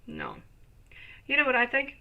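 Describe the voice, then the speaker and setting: A woman's voice: high voice, huge pitch swings, moderate pace, highs cut off. A woman giving live tarot readings to viewers, reassuring and calling them sweetie. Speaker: tarot reader.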